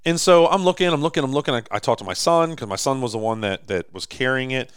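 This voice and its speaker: Rambling man telling a story, smooth voice. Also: mid-range voice, animated, quick pace, dry recording, studio quality. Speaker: podcast co-host. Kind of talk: casual chat. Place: indoor office or shop.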